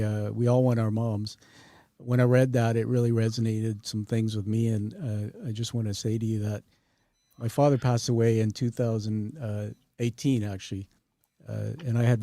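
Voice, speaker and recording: Earnest man hosting, mellow voice. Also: medium pitch, no echo. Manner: earnest, sharing a personal story. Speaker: podcast host. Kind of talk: emotional interview conversation.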